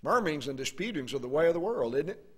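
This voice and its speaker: A preacher delivering a sermon with a bright, ringing voice set fairly high for a man. He talks to the congregation in a folksy way and draws scripture out slowly and loudly. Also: sing-song, breathy edge.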